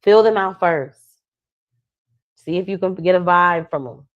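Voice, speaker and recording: A woman who is a love coach and podcast host, chatting casually, telling lively stories and acting out the people she quotes, with slangy talk. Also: fairly low pitch, a little slow, no echo, lo-fi sound. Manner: animated storytelling, acts out quoted people; slangy, conversational.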